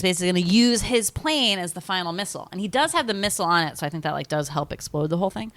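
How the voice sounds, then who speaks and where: A woman's voice: on the low side, expressive, very fast, hardly any pauses, a bit bright, dry recording. A woman co-hosting a podcast, chatting casually as she recaps a film and acts out the scenes with silly voices and sound effects. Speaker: podcast co-host.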